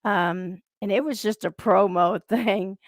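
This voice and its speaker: A woman's voice: mid-range voice, slow pace, dry recording, clean studio sound. A middle-aged woman with a Southern US accent, hosting a podcast in casual chat, telling stories and laughing often. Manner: chatty storyteller, laughs often. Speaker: podcast host.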